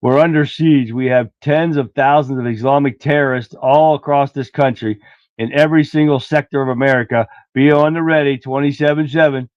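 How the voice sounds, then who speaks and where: A man hosting a political livestream, talking in a blunt, folksy way and clearing his throat often. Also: mid-range voice, steady tone, a little fast, darkish tone, dry recording. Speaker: livestream host. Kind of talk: casual political commentary. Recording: dull lo-fi dry sound.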